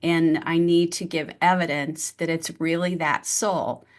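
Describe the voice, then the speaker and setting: Show host: woman, low-pitched, measured and questioning. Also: steady tone. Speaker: podcast host and medium. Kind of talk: casual interview talk.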